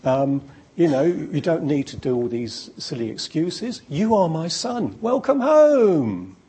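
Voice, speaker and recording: A man's voice: on the high side, big pitch swings, takes it slowly, warm tone, a little hiss or hum, voice pushed up. A man acting out a loving father who brushes off his son's apologies with affection. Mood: joyful. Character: overjoyed loving father welcoming son home.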